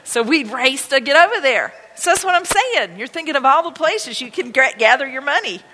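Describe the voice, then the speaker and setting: A woman pastor telling personal stories in a conversational, excited sermon to her congregation. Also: sits high, fairly quick, slight background noise. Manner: conversational, anecdotal, excited retelling. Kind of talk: storytelling sermon. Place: church sanctuary. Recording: long church-hall reverb.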